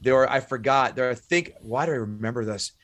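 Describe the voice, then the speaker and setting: A man's voice: mid-range voice, a little fast, a bit bright, no echo. A man who is a stand-up comic, telling stories animatedly in a casual podcast chat, swearing and acting out quotes.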